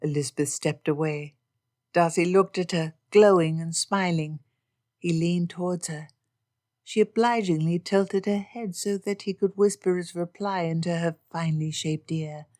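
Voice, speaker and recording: A woman narrating an audiobook in a steady, expressive reading style. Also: fairly low pitch, a little slow. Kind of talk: scripted narration.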